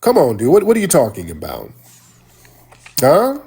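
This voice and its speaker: Husky, combative livestream host man. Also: mid-range voice, wildly swooping pitch, normal speed, warm tone. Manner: combative, scolding, repeats "sir". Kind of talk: heated live-stream argument. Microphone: phone or desktop mic on live stream.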